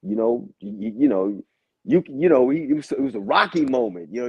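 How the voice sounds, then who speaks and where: A man's voice: medium pitch, lively intonation, fast, a little mellow, breathy edge, no echo. A man guest on a podcast interview, telling stories in a laid-back, casual way, swearing and acting out what people said. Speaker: guest musician. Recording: dull lo-fi audio.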